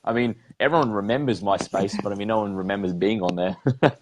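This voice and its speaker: A man's voice: on the low side, fast talker, noisy background. A man in his late twenties with an Australian accent, hosting a podcast in an easygoing way, laughing and telling loose stories. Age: late 20s. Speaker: podcast host. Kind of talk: casual chat.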